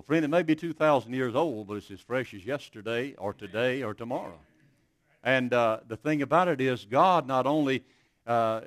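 A man's voice: medium pitch, no echo, clean studio sound. A man preaching a sermon, telling stories in an earnest voice and often restarting his words. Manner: earnest, storytelling with many restarts.

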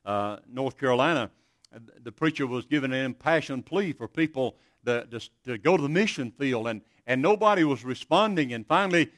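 A man's voice: medium pitch, a bit bright, no echo. Earnest male preacher, dry sound. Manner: earnest, storytelling with many restarts. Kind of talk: sermon.

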